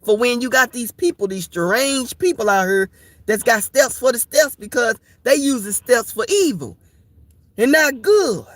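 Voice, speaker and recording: Slow, lively woman leading Bible study. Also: fairly high pitch, no room sound. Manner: repetitive, playful, laughs often. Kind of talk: informal Bible study talk.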